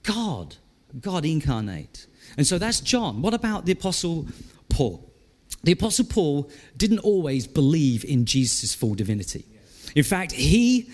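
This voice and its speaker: A male pastor delivers a sermon to his church in a conversational, animated way, often putting questions to the congregation. His voice sits a little high and rises and falls a great deal as he preaches.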